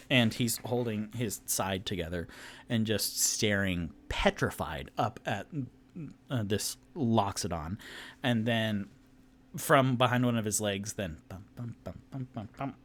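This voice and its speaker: A man running a tabletop game on his own, narrating slowly in an easygoing way. He often pauses to hunt for words and corrects himself as he goes. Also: fairly low pitch. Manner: rambling, with fillers and self-corrections. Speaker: game master.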